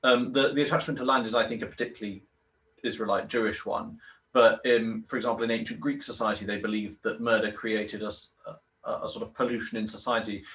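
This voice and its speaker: A man in a study group offering a thoughtful, measured answer with some hesitations. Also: fairly low pitch, fairly bright tone, distant mic, poor audio. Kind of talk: group discussion.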